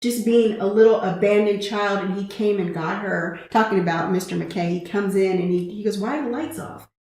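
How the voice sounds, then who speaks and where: A woman co-hosting a casual movie review chat, talking in an animated way and acting out scenes. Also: mid-range voice, moderate pace. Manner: animated, acts out movie scenes in quoted voices. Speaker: podcast co-host. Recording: echoey room.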